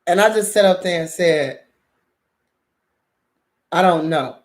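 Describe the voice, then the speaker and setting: Vlogger, middle-aged woman, casual profane storytelling, animated. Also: on the low side, takes it slowly. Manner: animated, profane, acts out quotes. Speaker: drama vlogger.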